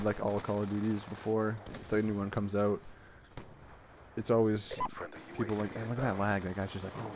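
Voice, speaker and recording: A man with a slightly low voice talks over his gameplay footage, rambling and excitable as he retells each play. Game sounds run noisily underneath his voice. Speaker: gameplay commentator. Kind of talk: casual gameplay commentary. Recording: noisy game audio underneath. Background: game sound effects.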